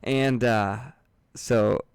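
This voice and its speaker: Laughing, rambling man with a smooth voice. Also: mid-range voice, fairly even intonation, drawn-out words, no room sound, clean studio sound. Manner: rambling, laughing, full of fillers. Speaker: podcast co-host. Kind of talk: casual chat.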